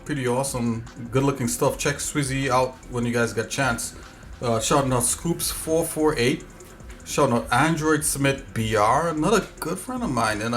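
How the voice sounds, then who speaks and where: A man hosting a casual livestream as a game developer, talking in an easygoing, rambling way with lots of fillers. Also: medium pitch.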